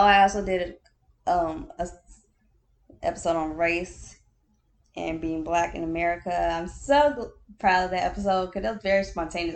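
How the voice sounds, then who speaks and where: Woman, slightly low voice, solo podcast host, candid chatty talk, frequent laughs, repeats herself for emphasis. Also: a little mellow. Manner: candid and chatty, laughs often, calls the listener baby, honey, child.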